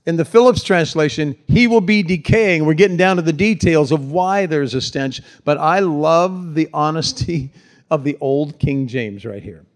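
A man's voice: on the high side, normal speed. A middle-aged man, a pastor, giving a sermon in a conversational, folksy way with touches of humor.

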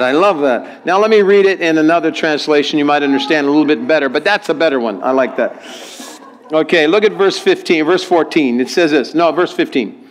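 A man preaching a lively sermon, reading scripture aloud and questioning his congregation. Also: fairly high pitch, a little fast, a little hiss or hum. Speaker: pastor. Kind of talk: sermon with call and response.

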